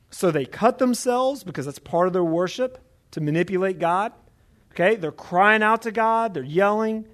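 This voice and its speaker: Chatty preacher, slightly high voice. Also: male voice, moderate pace. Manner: conversational, animated, checks in with "okay?". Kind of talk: Bible teaching sermon.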